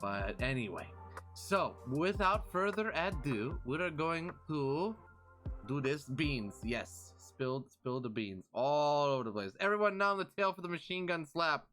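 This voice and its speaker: Young male streamer; playful, chatty, talks straight to his chat; bright, animated voice. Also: fairly high pitch, a little slow, faint music behind. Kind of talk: live game stream commentary.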